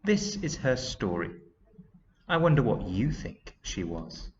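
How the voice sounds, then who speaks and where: A man reading a children's chapter book aloud to young pupils. He speaks slowly, with lively, animated rises and falls in pitch. The recording is dull and lo-fi. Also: a little hiss or hum. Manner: slow, expressive storytelling. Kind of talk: children's story read-aloud. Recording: dull lo-fi sound.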